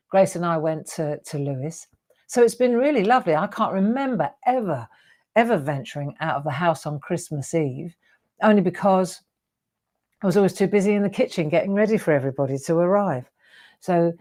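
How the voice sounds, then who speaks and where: A woman's voice: lowish voice, darkish tone. Chatty woman hosting a craft stream. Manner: chatty and rambling, greets viewers by name. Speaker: craft livestream host. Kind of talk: casual live chat to viewers. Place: home craft studio.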